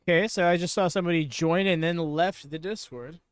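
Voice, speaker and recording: A man's voice: high-pitched, no room sound, clean studio sound. A man hosting a live wrestling watchalong stream, chatting casually and answering viewers in chat. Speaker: watchalong host.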